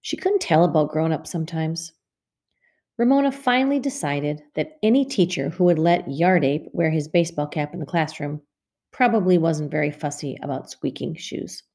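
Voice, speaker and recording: A woman teacher reading a storybook aloud to a class of second graders, with clear, expressive pacing. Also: low voice, normal speed.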